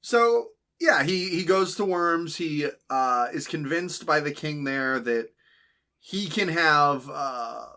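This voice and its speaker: A man co-hosting a casual film podcast, laughing often and acting out characters in high silly voices. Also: expressive, slow, sharp tone. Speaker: podcast co-host. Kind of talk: casual film discussion chat.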